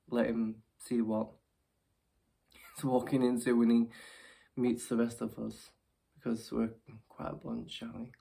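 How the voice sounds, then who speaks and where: A woman, performing as a ventriloquist who gently teases her puppet and often stumbles over her words. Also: very deep voice, flat delivery, slow pace, creaky, long pauses. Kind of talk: ventriloquist comedy act, talking to a puppet.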